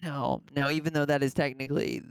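A man's voice: on the high side, little pitch movement, brisk, clear, resonant tone. A man co-hosting a casual podcast chat, telling wry stories into a close mic.

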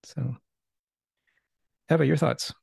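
A man leading a casual seminar discussion, thoughtful and measured, often restarting his sentences. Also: a little high, steady tone, creaky, darkish tone, slightly rough, no room sound, studio quality. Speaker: discussion leader.

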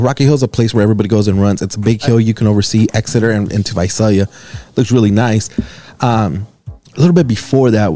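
A man co-hosting a radio show, telling a funny story in a casual, animated way, laughing often. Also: fairly low pitch.

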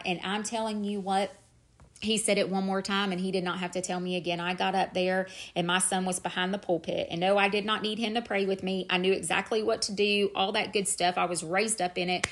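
A woman's voice: mid-range voice, level tone, a little fast, fairly bright tone. Earnest woman sharing her testimony. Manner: earnest, emphatic, repeats "I'm telling you". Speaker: podcast host. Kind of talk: personal faith testimony.

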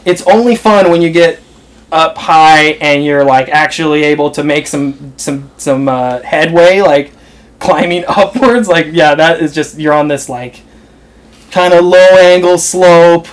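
Pitched fairly high and moving a little slowly, this young American man tells a story in laid-back conversation. He wanders, leans heavily on fillers, and laughs through the telling.

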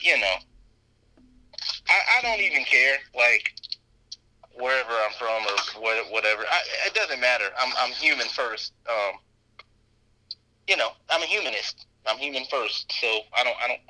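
A man's voice: mid-range voice, expressive, moderate pace, pushed and bright, rough recording. A man chatting casually as a podcast guest, rambling with lots of fillers and restarts. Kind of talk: casual conversation.

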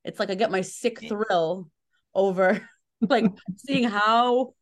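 A woman in her thirties chatting casually, telling animated, self-deprecating stories with lots of fillers. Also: mid-range voice, slow pace. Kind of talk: casual chat.

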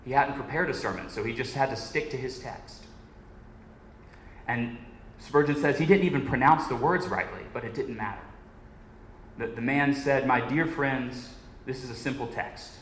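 A man's voice: medium pitch, moderate pace, long pauses, a bit bright. A man giving a sermon as a guest preacher, telling a story in an earnest way. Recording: echoey room with faint noise.

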